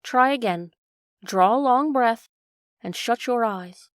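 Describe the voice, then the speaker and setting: A woman voicing a fussy, excitable old queen in a storybook reading. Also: fairly high pitch, takes it slowly, no echo, clean studio sound.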